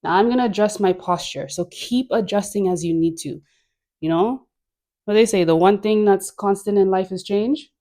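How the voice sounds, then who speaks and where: A woman's voice: mid-range voice, normal speed, mellow. A woman leading a guided dance class, chatty and encouraging, laughing often and filling her talk with "like". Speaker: dance instructor.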